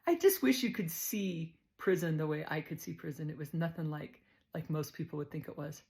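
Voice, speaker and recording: A woman's voice: sits low, brisk, a little mellow. Chatty woman telling a personal story. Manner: casual, chatty, laughs easily.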